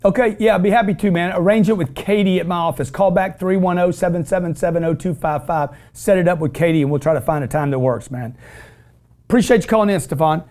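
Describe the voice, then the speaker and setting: Speaking quickly in a high, slightly mellow voice, a middle-aged show host runs a motivational call-in program. He preaches about money brashly and emphatically, repeating himself often.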